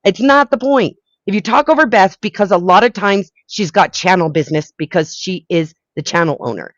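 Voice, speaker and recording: A woman's voice: medium pitch, animated, brisk, no echo, highs cut off. A woman moderating a heated online panel, firmly repeating her point. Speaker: stream co-host moderator.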